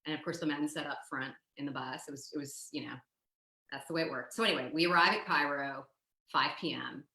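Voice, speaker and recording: Low-voiced American woman telling a story. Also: a little fast, reverberant, low-quality recording. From United States. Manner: lively, acts out quoted dialogue, frequent "like" and "you know". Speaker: storytelling guest. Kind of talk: animated personal storytelling.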